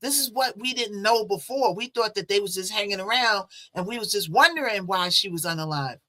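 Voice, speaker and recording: Bright-voiced woman host, chatty. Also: medium pitch, brisk. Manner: chatty, conversational, rhetorical asides. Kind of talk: casual commentary on a news case.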